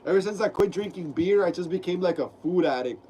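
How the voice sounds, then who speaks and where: A man with a high, dark-toned voice talks fast with lively intonation while hosting a horror film live stream; he's sick, and his clogged nose makes him sound stuffy and nasal. He reads viewer comments in a laid-back, slangy style, repeating phrases and calling people "bro." The recording is low quality with slight background noise.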